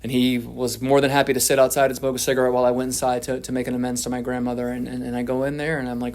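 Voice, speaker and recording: Guy sharing his story at a recovery meeting, pretty flat delivery, candid and self-deprecating, lots of restarts. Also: mid-range voice, rapid-fire, hardly any pauses. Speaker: twelve-step speaker.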